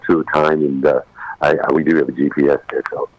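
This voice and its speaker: A man in his sixties speaks by phone, his voice extremely low and golden. His speech is halting, full of pauses and fillers. The sound is very dry and close. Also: little pitch movement, dry recording, lo-fi sound. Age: 60s. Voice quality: deep golden voice. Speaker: guest on a radio show. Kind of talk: casual interview over the phone.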